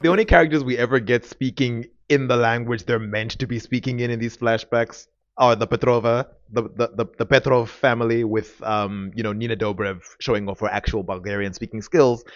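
A man's voice: mid-range voice, steady tone, brisk, dull audio. A man co-hosting a podcast, recapping a show in wry casual chat and laughing mid-sentence. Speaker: podcast co-host.

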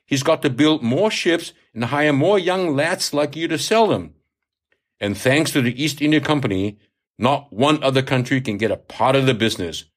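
A man's voice: medium pitch, lively intonation, normal speed, pitched above the performer's own voice, natural voice. A man reading aloud, voicing a crude, hard-drinking older male sea captain who swears and lectures. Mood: boastful. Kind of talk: audiobook reading.

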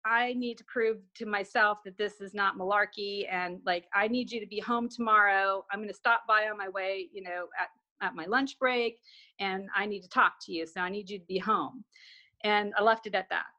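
A woman's voice: medium pitch, moderate pace, pushed and bright. A woman guest telling a personal story in conversation, acting out remembered dialogue with frequent restarts.

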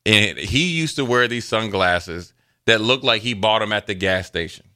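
A man co-hosting a sports talk show, telling stories from his playing days in a loose, animated way and acting out what others said. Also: on the low side, normal speed. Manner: animated storyteller, acts out quotes, loose and chatty. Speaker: sports radio co-host, former NFL player. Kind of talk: casual sports talk storytelling.

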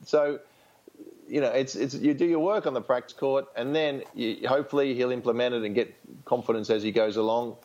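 A man's voice: medium pitch, a little fast, darkish tone, highs cut off. Frank Australian man, rambling coach talk. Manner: frank, rambling, many fillers and restarts. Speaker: tennis coach, interview guest. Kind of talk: casual interview storytelling.

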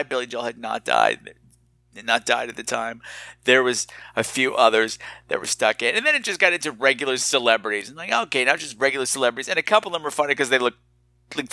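A man hosting a podcast, telling a rambling, self-mocking story in a casual, animated way. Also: on the high side, no echo. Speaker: podcast host.

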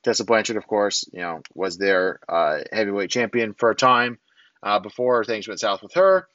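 A man's voice: fairly low pitch, moderate pace, no room sound, dull audio. A man co-hosting a podcast, casually recapping a wrestling show and acting out what the wrestlers said. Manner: animated recapping, acts out quotes. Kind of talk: casual chat.

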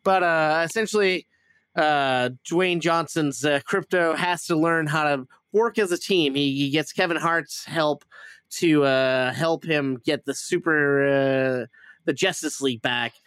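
A man retells a movie plot in a loose, rambling chat, swearing often and slipping into goofy voices for the characters. His voice sits a little high, bright and crisp. The sound is dry and close. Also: a little slow, no echo. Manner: rambling, profane, acts out lines with silly voices. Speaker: podcast host reviewing a movie. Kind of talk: casual chat.

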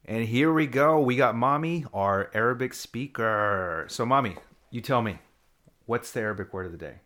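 A man co-hosting a podcast in goofy, joking banter, loud and excitable. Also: mid-range voice, moderate pace. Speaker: podcast co-host.

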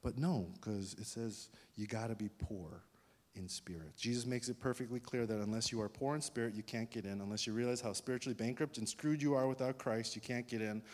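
A man's voice: medium pitch, a little fast, darkish tone. Man, pastor, conversational sermon, asks the room questions, long hall reverb.

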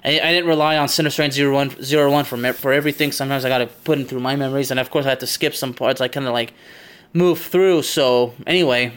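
A man's voice: medium pitch, fairly even intonation, fast, fairly bright tone, smooth. A man hosting a podcast, recapping a video game mission from memory in a rambling, chatty way and laughing often. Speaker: podcast host.

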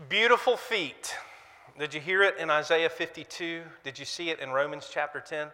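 A man's voice: a little high, sharp tone. Preaching man in a reverberant hall. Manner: preaching with emphatic questions and pauses. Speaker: pastor. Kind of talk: sermon.

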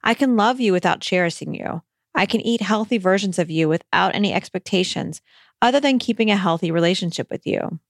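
A woman's voice: on the low side, dry recording, clean studio sound. A woman hosting a podcast, reading a listener's letter aloud and then giving reassuring, conversational advice with some hesitant restarts.

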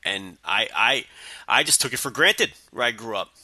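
Guy on a podcast, really bright sharp voice, dead dry mic, chill and rambling. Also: lowish voice, normal speed, no echo. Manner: relaxed, many restarts and you-knows. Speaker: podcast co-host. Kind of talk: casual chat.

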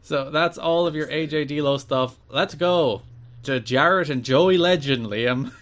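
A man co-hosting a podcast, recapping and joking in loose, unfiltered chat. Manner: talks fast and unfiltered, drops into low, flat asides. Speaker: podcast co-host. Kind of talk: casual wrestling recap chat.

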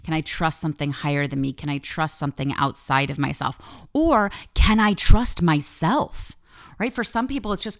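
Low gravelly-voiced woman coach telling her own story on a podcast, candid, cusses a lot. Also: moderate pace. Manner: candid, swears freely, lively storytelling. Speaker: life coach and podcast host. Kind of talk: personal storytelling monologue.

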